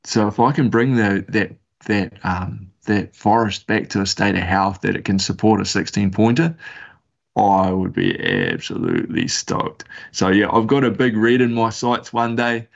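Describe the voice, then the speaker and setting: Kiwi guy rambling thru a hunting yarn, low gravelly voice, kinda muffled audio. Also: very animated, normal speed. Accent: New Zealand. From New Zealand. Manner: rambling, laid-back, lots of slang and fillers. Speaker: podcast guest, bush hunter. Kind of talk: casual storytelling.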